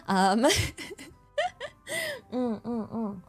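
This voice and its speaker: A woman's voice: a little high, wildly swooping pitch, extremely slow, faint music behind. Rambling woman streamer, giggly. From England. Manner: chatty, rambling, laughs often. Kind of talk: casual chat.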